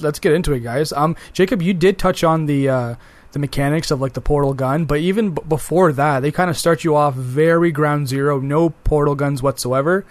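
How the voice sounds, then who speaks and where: A man's voice: a little high, no echo. A man co-hosting a casual games podcast, talking in a chatty, eager way. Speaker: podcast co-host. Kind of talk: casual chat about games.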